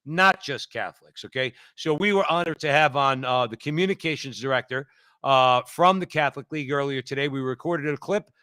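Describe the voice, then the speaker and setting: A man's voice: on the high side, a bit bright, no echo. A man hosting a radio talk show in a chummy, folksy way. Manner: chummy, folksy, calls people brother.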